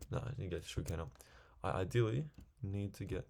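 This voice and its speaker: A man's voice: low-pitched, animated, quick pace, mellow, a little hiss or hum. A young man chatting to himself while playing a video game, rambling casually from one thing to the next. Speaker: gaming video creator. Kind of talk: casual gameplay commentary.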